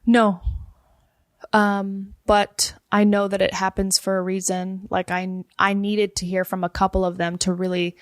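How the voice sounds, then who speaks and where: A woman chats as a guest, spinning a personal story with lively quoted lines and frequent "like". Her voice sits at an ordinary pitch. The sound is dry and close. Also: a little slow, no echo. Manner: animated storyteller, acts out quoted dialogue, fills with "like". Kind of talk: casual chat.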